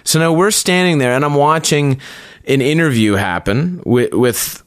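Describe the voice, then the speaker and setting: A man's voice: moderate pace, clean tone, dry recording, studio quality. A man telling a casual story about a chaotic festival day, acting out the people he quotes. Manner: animated, acts out quotes with pitch jumps. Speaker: storyteller guest; performer.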